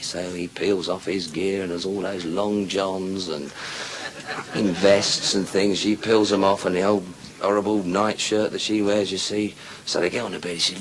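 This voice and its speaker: A man's voice: low voice, little pitch movement, moderate pace. A man telling bawdy stand-up comedy stories in a chatty, aside-filled way.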